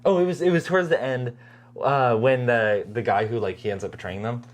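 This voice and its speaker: A woman's voice: rumbling low, brisk. A young adult woman co-hosting a podcast in casual chat, talking with lots of fillers and frequent laughs. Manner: chatty, laughs often, full of "like" fillers. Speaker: podcast co-host.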